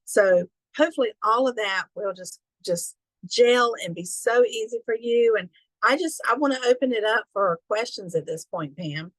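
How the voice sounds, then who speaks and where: A woman's voice: medium pitch, moderate pace, no room sound, low-quality recording. A woman with a Southern accent coaching a group about social media posts on a call. Her talk is folksy and encouraging, full of "you know" and easy peasy cheer. The sound is dry and close, with no room around it. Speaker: business trainer. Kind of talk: online training call.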